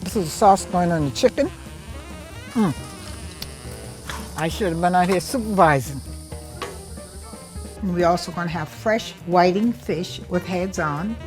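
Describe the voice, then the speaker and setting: With faint music behind her, a South Carolina woman with a Gullah Geechee accent speaks a little slowly, pausing often, in a low, slightly mellow voice. The chef and cookbook author is cooking outdoors at a family cookout, chatting casually and proudly, homey as she explains her work.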